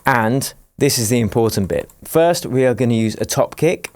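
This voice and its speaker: A man teaching music production in a screen-recorded tutorial, explaining each step in a relaxed, jokey way. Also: mid-range voice, normal speed, dry recording. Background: faint dance music playing from his project.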